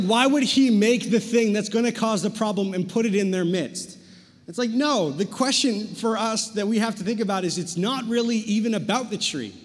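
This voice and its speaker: Casual joking pastor guy preaching, highish voice, big echoey hall. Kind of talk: sermon.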